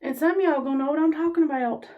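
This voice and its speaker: A woman's voice: high voice, racing, muffled recording. A woman vlogger giving a blunt, rambling, folksy motivational talk to her camera, standing as she films herself. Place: standing while filming herself.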